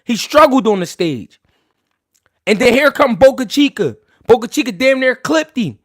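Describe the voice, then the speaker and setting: A man hosting a boxing talk livestream, brash and rapid-fire, full of slang and cursing. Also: very high-pitched, lively intonation, no room sound, studio quality. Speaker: boxing talk show host. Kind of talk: profane livestream commentary.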